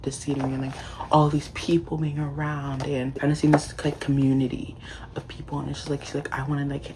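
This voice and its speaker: A man's voice: mid-range voice, background noise. A man giving a casual book review in a vlog, gushing and leaning on constant "like" fillers.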